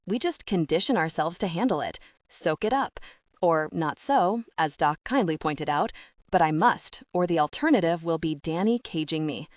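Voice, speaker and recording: Woman narrating a romance audiobook, low-voiced. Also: animated, moderate pace, dry recording, clean studio sound, recorded from a distance.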